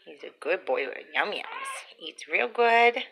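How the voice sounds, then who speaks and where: A woman fostering a kitten, cooing sing-song baby talk to it at home and sometimes dropping to a soft whisper. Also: fairly high pitch, huge pitch swings, measured pace. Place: home indoors. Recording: home video with clear background noise.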